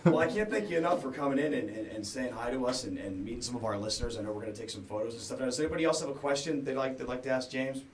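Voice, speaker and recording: Male radio host, fast and a bit high, off-mic in a roomy space with a crowd. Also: distant mic, slight background noise. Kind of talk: casual interview chat. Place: radio studio.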